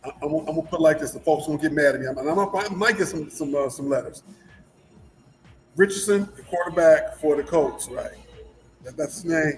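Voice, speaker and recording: Guy rambling about football on a sports talk show, kinda high voice, faint music under it. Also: poor audio. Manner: rambling, repeats words, halting restarts. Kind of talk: casual sports chat.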